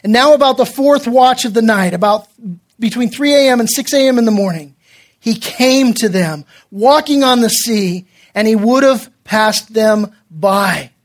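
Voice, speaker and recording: A middle-aged man preaching as a pastor, telling personal stories and acting out voices in a casual, lively way. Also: extremely high pitch, a little slow. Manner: personal storytelling, dramatic quoted voices, casual asides. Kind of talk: sermon.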